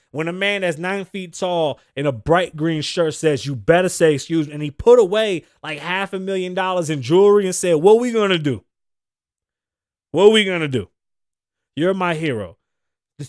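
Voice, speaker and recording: Animated high-voiced male podcast host. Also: clean tone, no room sound, clean studio sound. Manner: animated, swearing, joking, acts out quotes. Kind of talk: casual profane commentary.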